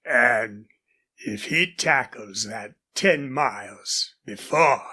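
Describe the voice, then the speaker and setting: A woman voicing an older male rancher, an indulgent, horse-proud father, in a husky, drawling audiobook character voice. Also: very deep voice, animated, drawn-out words, bright, forceful tone, voice pushed down, heavily acted.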